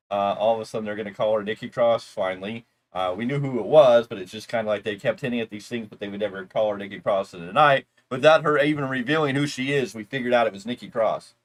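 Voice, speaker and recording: A man co-hosting a wrestling review show, recapping the episode in a rambling, casual way with loose asides. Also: medium pitch.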